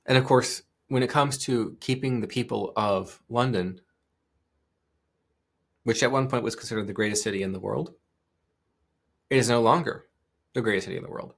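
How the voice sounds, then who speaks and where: A man's voice: mid-range voice, normal speed, vocal fry, long pauses. A male podcast host giving discursive solo commentary, full of asides and restarts.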